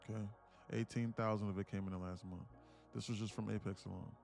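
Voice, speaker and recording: A man from with a gravelly voice, boasting about his trading and bantering with viewers on a live stream from his home apartment. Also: on the low side, steady tone, fast, a little mellow, faint music behind. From Atlanta, USA. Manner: boastful, teasing banter with chat. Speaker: day trader streamer.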